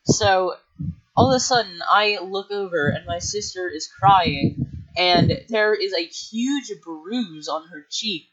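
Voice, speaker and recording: In a high, fairly bright voice, a young storytime vlogger slowly works through a rambling personal story, full of filler words and restarts. It's a casual vlog recorded on a dull lo-fi mic.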